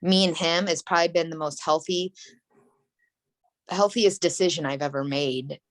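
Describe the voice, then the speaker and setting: Woman, 30s, interview guest; low, dry voice; earnest, rambling storyteller. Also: moderate pace, no echo. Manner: rambling, frequent "like" and "you know"; earnest and emotional. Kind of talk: candid personal storytelling.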